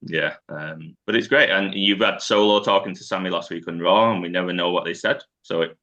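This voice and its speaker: Deep-voiced man recapping wrestling. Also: a little fast, highs cut off. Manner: animated storytelling, acts out quotes, swears. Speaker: podcast co-host. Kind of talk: casual wrestling recap chat.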